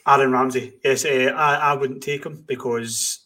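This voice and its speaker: A man talks football on a casual podcast, blunt and opinionated. His pitch is middling and stays fairly flat. He often asks rhetorical questions and then answers them himself. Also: normal speed. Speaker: podcast co-host.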